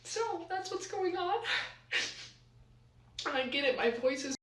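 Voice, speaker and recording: A woman's voice: extremely high pitch, lively intonation, slow, roomy sound, distant mic. A woman crying as she records a confessional video, emotional and questioning herself.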